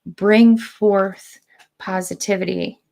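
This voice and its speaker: A woman giving spiritual readings to viewers of her live stream. She talks at an unhurried pace, drawing out her phrases, and her mid-height voice carries a gravelly fry. The delivery is calm and deliberate. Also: medium pitch. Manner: slow, deliberate, drawn-out phrasing. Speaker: spiritual reader.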